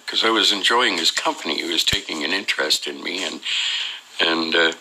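A man's voice: deep voice, a little fast, vocal fry, bright, forceful tone, low-quality recording. A man telling his own experience in an unscripted, rambling way, hesitating often with "uh" and restarting his sentences. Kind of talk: unscripted personal storytelling.

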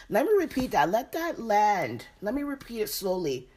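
A woman's voice: medium pitch, sing-song, normal speed, hardly any pauses, darkish tone, husky. A woman leading a Bible study, reading verses aloud and then repeating and explaining them. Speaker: Bible teacher.

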